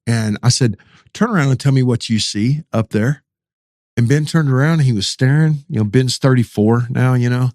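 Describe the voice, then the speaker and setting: Man, middle-aged pastor, animated storyteller, slangy and casual, dry close sound. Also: medium pitch, no room sound. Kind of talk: casual storytelling as a podcast guest.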